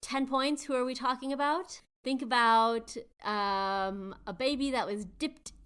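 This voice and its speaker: A woman's voice: high-pitched, steady tone, unhurried, fairly bright tone, smooth. A woman hosting a podcast, chatting animatedly as she retells myths with quiz-like asides. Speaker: podcast host. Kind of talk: casual chat retelling myths.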